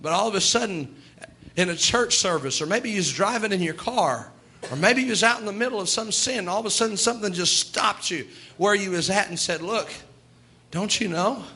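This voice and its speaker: A man's voice: high-pitched, animated, a little fast, pushed and bright, husky. A male preacher, delivering a folksy sermon and voicing God and sinners in quoted asides.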